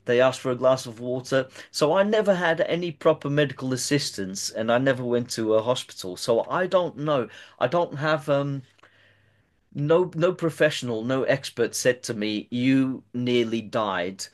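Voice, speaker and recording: A man's voice: mid-range voice, expressive, normal speed. A man interviewing a guest and recounting a personal experience at length, often hesitating and repeating words as he talks.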